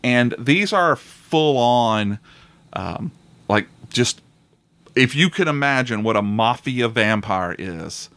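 A man's voice: mid-range voice, animated, takes it slowly, fairly bright tone, no echo. Guy rambling about old movies, lots of restarts, laughs a bunch, dry close sound. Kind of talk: casual chat about movies.

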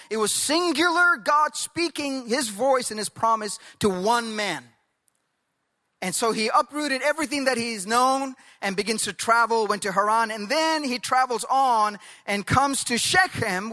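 A man's voice: extremely high pitch, sharp tone, long reverb tail. A man pastor preaching a sermon, stretching out key words for emphasis and leading the congregation to read along with him. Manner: emphatic, drawn-out stresses, leads the congregation in call-and-response.

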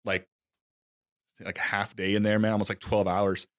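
A man casually telling a story on a podcast, jumping into high voices for the people he quotes and laughing and swearing freely. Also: little pitch movement, normal speed, fairly bright tone.

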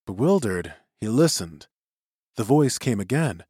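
A man narrating a chapter of a novel in an expressive storytelling voice. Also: mid-range voice, normal speed, no room sound, studio quality. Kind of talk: audiobook narration.

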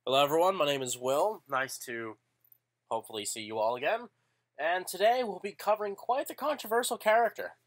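A man co-hosting a podcast in casual chat, animated and opinionated, swearing offhand. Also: a little high, brisk. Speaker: podcast co-host.

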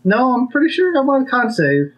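A man's voice: very high voice, sing-song, a little fast, a bit bright, low-quality recording. A man running a tabletop game as game master, making matter-of-fact rulings.

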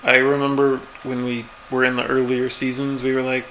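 A man's voice: medium pitch, completely flat delivery, moderate pace, bright, forceful tone, a little hiss or hum. A man chatting casually as a podcast co-host, laid-back and chuckling, acting out quoted lines. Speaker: podcast co-host recapping a TV episode. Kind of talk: casual chat.

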